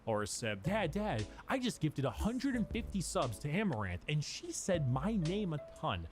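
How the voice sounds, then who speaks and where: A man's voice: fairly high pitch, huge pitch swings, normal speed, music in the background. A man narrating a scripted comedic lore video with a playful, sardonic delivery.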